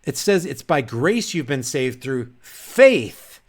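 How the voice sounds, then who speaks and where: A man hosting his channel, ranting in a casual livestream, rambling and animated with frequent restarts. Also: mid-range voice, slow pace. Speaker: channel host.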